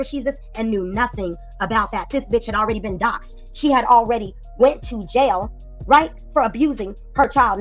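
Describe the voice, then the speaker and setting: Angry, profane woman ranting over music. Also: high-pitched. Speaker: commentary channel host. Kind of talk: heated livestream commentary. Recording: light background music.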